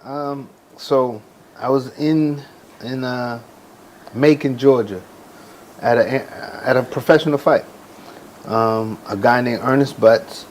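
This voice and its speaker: A man in his forties, a boxer and ring announcer, telling stories in a casual interview with relaxed slang. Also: mid-range voice, slow, pauses often, noisy background. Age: 40s.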